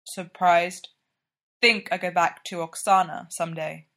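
A woman voicing a gentle, cautious foreign male hockey player who speaks halting, broken English. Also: on the low side, fairly even intonation.

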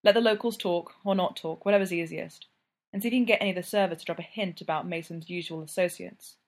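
A woman's voice: fairly low pitch, steady tone, close to an everyday voice. A woman reading a weary police inspector. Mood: reserved. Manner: measured, neutral.

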